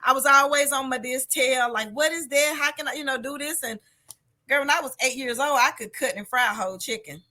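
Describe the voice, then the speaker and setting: A woman chef telling stories from her childhood in a lively, casual chat, laughing often and acting out the people in them. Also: sits high, fairly quick. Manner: animated storyteller, laughs often, acts out voices. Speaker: guest chef. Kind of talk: casual storytelling interview.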